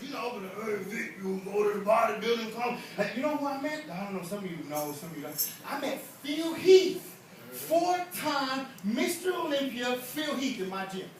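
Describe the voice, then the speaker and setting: A middle-aged man preaching in church with emotional force, swinging from hushed asides to shouting. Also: extremely high pitch, sing-song, moderate pace. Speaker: pastor. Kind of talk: energetic sermon. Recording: echoey hall from far off, noisy.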